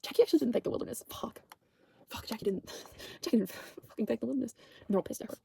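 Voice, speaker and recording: A woman's voice: fairly high pitch, quick pace, gravelly, dark tone, husky. A woman casually recapping a TV show for her channel, rambling, swearing and saying "like" constantly while she corrects herself.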